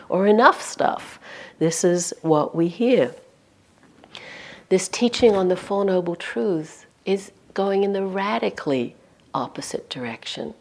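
Lady teacher giving a dharma talk at a retreat, chatty, lots of you know, goes quiet on the big points, lowish voice. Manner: conversational, lots of "you know", drops to near whisper on key points. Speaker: meditation teacher. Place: meditation retreat center hall.

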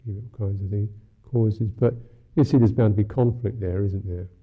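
A Buddhist monk teacher giving a dharma talk in a musing, unhurried, wry way, often saying "you know". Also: male voice, on the low side, fairly even intonation, husky. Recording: tinny lo-fi talk recording.

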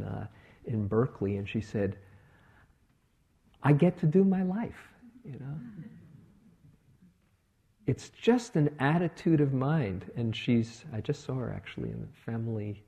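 A middle-aged man giving a relaxed dharma talk as a meditation teacher, telling stories and acting out the people in them. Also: mid-range voice, creaky. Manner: relaxed storytelling with quoted voices. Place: retreat hall.

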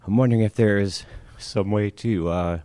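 Deep voiced guy asking a question in class, halting, lots of ums, dry close sound. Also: mellow, no echo. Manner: hesitant, halting, emotional. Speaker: class participant.

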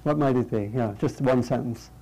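A man leading a meditation class in an interactive talk, lighthearted and checking in with the group, thinking aloud through pauses and restarts. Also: medium pitch, mellow, slight background noise, poor audio. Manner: light, humorous, often checks in with "right?". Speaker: meditation teacher.

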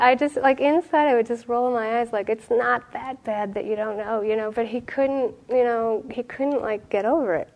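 A middle-aged woman giving a dharma talk as a meditation teacher, reflective and storytelling, with soft pauses. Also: on the high side, fairly even intonation, rough recording.

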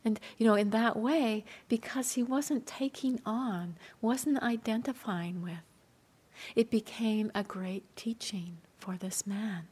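A woman meditation teacher giving a dharma talk in a gentle, soft-spoken, unhurried way, with light laughter between points. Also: on the high side, husky.

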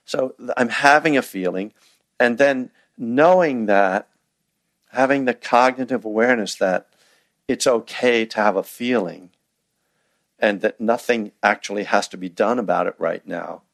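A man's voice: on the low side, vocal fry, dry recording. A man giving a dharma talk as a meditation teacher, speaking conversationally with frequent restarts and fillers, acting out inner thoughts in quoted asides. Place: meditation hall.

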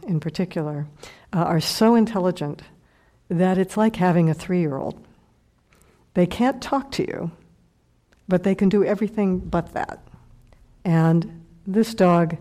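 A middle-aged woman who teaches meditation speaks in a low, warm voice. During a dharma talk she shares a heartfelt personal story, at times lowering her voice to a whisper.

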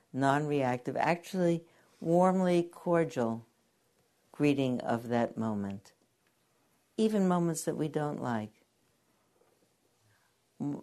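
An older woman speaks in a very deep, low voice as she gives a dharma talk. She tells stories gently, pausing often and reaching for her words with small fillers. Her tone stays unhurried and reflective. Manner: gentle storytelling with many pauses and fillers. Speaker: meditation teacher. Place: meditation hall.

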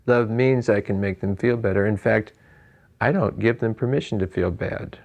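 Lowish-voiced guy teaching meditation, musing and chuckling, says "you know" a lot. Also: normal speed, darkish tone. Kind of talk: informal dharma talk.

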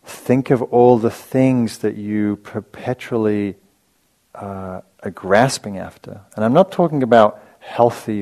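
A man with a low, deep voice gives a meditation talk, wandering through a personal story with loose asides and easy chuckles. He sounds conversational rather than preachy, like a teacher thinking out loud. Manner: casual, chatty storytelling with frequent asides; self-amused, laughs at his own anecdotes. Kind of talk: dharma talk.

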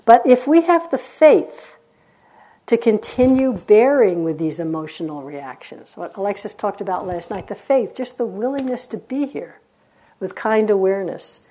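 A woman meditation teacher speaks in a soft, mellow tone, her dharma talk gentle and unhurried. She lets reflective pauses settle between her phrases and keeps her pitch in an ordinary middle range.

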